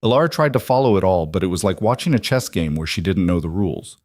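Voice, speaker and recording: A man reading scripted audiobook narration in a measured, even storytelling manner. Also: low voice, no room sound, studio quality.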